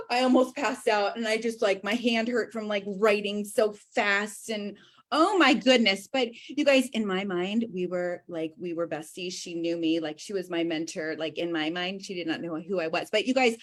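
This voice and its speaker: A woman in her thirties hosting a livestream, gushing and excitable as she talks to her viewers. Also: medium pitch, moderate pace. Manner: gushing, excitable, addresses viewers as you guys. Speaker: host.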